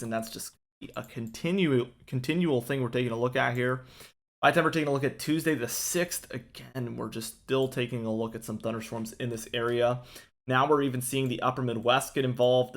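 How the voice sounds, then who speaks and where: Casual talkative male weather forecaster. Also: medium pitch. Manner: relaxed, talkative, many fillers and restarts. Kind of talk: casual forecast narration over maps.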